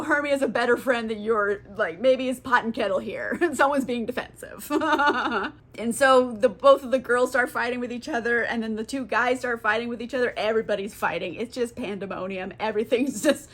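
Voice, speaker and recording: Giggly woman recapping a book. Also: fairly high pitch. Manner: giggly, profane, lots of "like". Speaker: book vlogger. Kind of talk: casual comic book summary.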